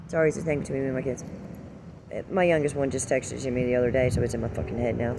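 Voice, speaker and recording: A woman's voice: extremely low pitch, fairly quick, creaky. A woman in her forties talking in a candid, rambling, heavily profane confessional monologue, recorded with car noise behind. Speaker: vlogger.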